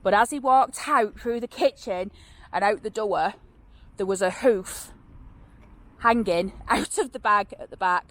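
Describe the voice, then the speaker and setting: A Northern English woman with a mid-range, fairly bright voice talks at a measured pace. She's outdoors by a road, casually recounting local ghost stories in a rambling style marked by fillers and false starts.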